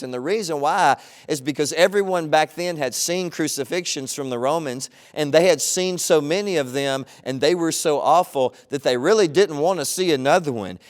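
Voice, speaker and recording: A man's voice: a little high, clean tone. A man, a pastor, preaching a sermon in a conversational, storytelling way.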